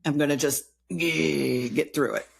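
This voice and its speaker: A woman co-hosting a reflective talk, speaking in an earnest, measured, reassuring way. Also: low-pitched, gravelly, slightly rough. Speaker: podcast co-host. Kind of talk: casual reflective chat.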